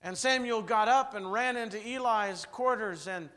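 A man preaching a revival sermon, telling stories dramatically and swinging from loud bursts to hushed lines. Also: sits high, normal speed.

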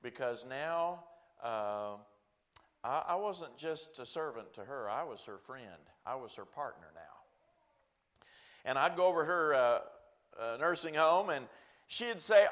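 A man's voice: mid-range voice, lively intonation, a little slow, a bit bright. Folksy man telling a sermon story. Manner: folksy, self-deprecating storyteller acting out quoted voices. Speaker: pastor.

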